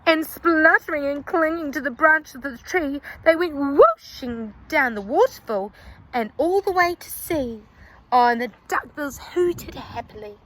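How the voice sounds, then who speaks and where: A woman's voice: high voice, a little slow. Sing-song woman reading a picture book. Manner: animated, sing-song, addresses the listener. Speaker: storyteller for children. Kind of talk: picture book read-aloud.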